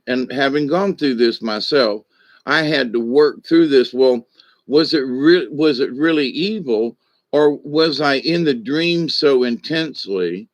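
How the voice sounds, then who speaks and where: A man's voice: medium pitch, no room sound. A man in his sixties, a spiritual teacher, talking through his thoughts in a reflective monologue with frequent restarts and asides. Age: 60s.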